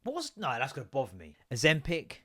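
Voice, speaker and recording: A man's voice: mid-range voice, wildly swooping pitch, fast, pushed and bright, slightly rough, no room sound, clean studio sound. A man, hosting a casual podcast and rambling, swearing and mocking himself as he talks. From England. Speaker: podcast host. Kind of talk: casual solo podcast rant.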